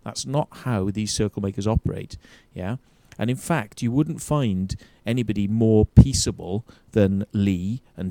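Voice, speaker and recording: A man's voice: fairly low pitch, dark tone, dry recording. A man hosting a show, ranting profanely and combatively as he comments on an interview clip. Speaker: show host.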